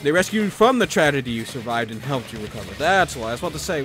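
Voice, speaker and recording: A man's voice: a little high, sing-song, fast talker, hardly any pauses, fairly bright tone. A man casually commentating a game he plays, laughing and reading text aloud. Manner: casual, laughs often, reads text in voices. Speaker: let's play host. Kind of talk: gameplay commentary. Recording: voice over game music.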